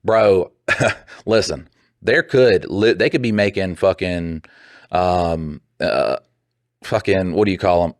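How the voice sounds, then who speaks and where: A young man rants on a podcast in a lowish voice, swearing freely and slipping into quick mocking impressions of others. The sound is dry and close, with little room. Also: expressive, dry recording. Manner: profane, rambling, heated, mimics people in quick bursts. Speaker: podcast co-host. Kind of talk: casual podcast chat.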